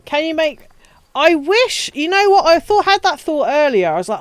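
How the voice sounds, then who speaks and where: A woman's voice: high-pitched, lively intonation, normal speed, dry recording. A woman streaming a building game, chatting casually, swearing, ranting and laughing often. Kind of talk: casual live-stream chat while playing.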